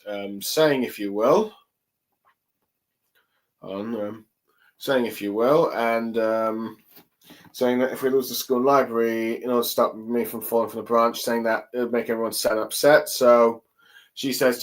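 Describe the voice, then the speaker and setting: A young man casually recapping a comic chapter on his own, halting often with ums and let's sees. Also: medium pitch, low-quality recording. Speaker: chapter reviewer. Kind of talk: casual solo commentary.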